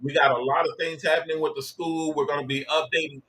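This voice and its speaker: A middle-aged man hosting a livestream, giving a motivational coaching talk in an emphatic, preachy way that swings between loud and low. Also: little pitch movement, fast talker, low-quality recording. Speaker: livestream host and business coach.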